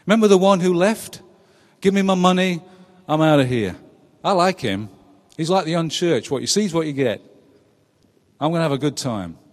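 Chatty pastor in a hall. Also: male voice, on the high side. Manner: chatty, asks the congregation questions, laughs at his own jokes. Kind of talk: conversational sermon. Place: church.

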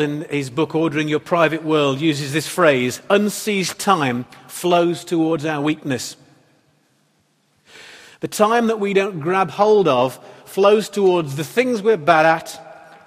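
A man preaching a sermon as pastor, in a conversational, wry style full of rhetorical questions. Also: a little high. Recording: echoey hall reverb.

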